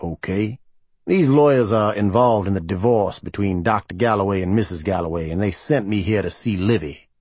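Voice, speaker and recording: A man doing a deep, scratchy twangy investigator. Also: normal speed, darkish tone, breathy edge, no echo. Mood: insistent. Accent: American with a slight twang. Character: barrel-chested middle-aged private investigator.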